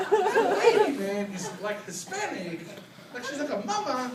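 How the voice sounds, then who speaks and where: A high-pitched Australian man doing stand-up on a club stage, his voice swooping up and down as he rambles through his stories. He is picked up from some distance in a roomy space, and a packed crowd roars with laughter around him. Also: moderate pace. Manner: animated, rambling, heavy use of "like". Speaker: stand-up comedian. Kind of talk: live stand-up storytelling. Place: comedy club bar stage. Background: loud audience laughter and crowd noise.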